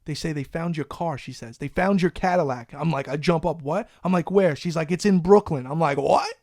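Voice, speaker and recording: A man, hosting a podcast and telling a profane, animated story in a casual way. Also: a little high, brisk, dry recording, studio quality. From Long Island, New York. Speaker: podcast host.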